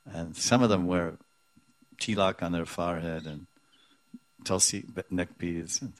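A man with a lowish voice delivers a devotional lecture, mixing in Sanskrit and Hindi terms as he goes. He tells it as a string of stories, breaking into quoted voices and chuckling along the way. The sound is dry and close, with no room around it. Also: fairly even intonation, unhurried, no echo. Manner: storytelling, acts out quotes, chuckles often. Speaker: religious teacher.

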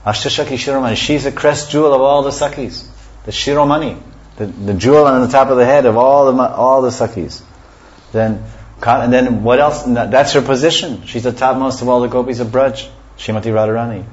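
Speaking fairly quickly in a medium pitch, a man leads a scripture class as a religious teacher. His explanations of the verses are often broken up by chanting and soft laughter, and the recording is dull and lo-fi.

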